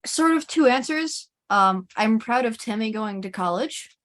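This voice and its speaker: A woman on a casual stream panel, answering in a thoughtful, deliberate way. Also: a little high, animated, fairly bright tone.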